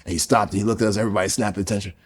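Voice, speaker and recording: A man's voice: lowish voice, fairly even intonation, rapid-fire, breathy edge. A man, a podcast guest who went through military training, telling earnest stories casually with many fillers. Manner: earnest, filler-heavy storytelling. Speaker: podcast guest, former Navy SEAL trainee. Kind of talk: casual storytelling.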